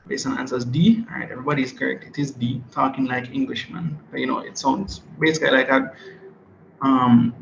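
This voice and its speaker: Male teacher, mid-pitched, running an online exam review over a computer mic; echoey room with dull, slightly muffled sound. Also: creaky, a little hiss or hum. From Jamaica. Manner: checks chat for answers, reads multiple-choice questions aloud.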